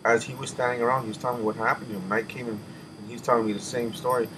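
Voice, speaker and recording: A man tells his testimony in an earnest, emotional way, stumbling over his words and repeating himself as he goes. His voice sits at an ordinary middle pitch, and he sighs between thoughts. A steady hiss of background noise runs under the recording. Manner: halting, with many restarts and repeated words; earnest and emotional, sighing and catching his breath. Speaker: person telling a spiritual testimony. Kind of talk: personal spoken testimony.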